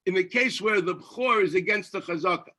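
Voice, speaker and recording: A man teaching a yeshiva Talmud class as a rabbi, animated, firing off rhetorical questions and often restarting his sentences. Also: sits high, a little fast.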